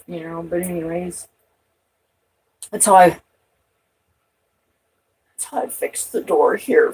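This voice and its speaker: Husky woman vlogging, rambly and sweary, restarts a lot, gets loud then goes quiet. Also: lowish voice, poor audio. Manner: profane, rambling, restarts, loud outbursts and trailing off. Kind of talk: rambling personal talk to camera.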